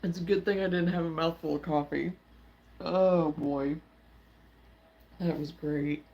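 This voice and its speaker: A woman's voice: low-pitched, steady tone, a little slow, creaky, warm tone, dull audio. A woman hosting a casual crochet livestream, chatting and breaking into frequent giggles and laughter. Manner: laughs often, giggly exclamations.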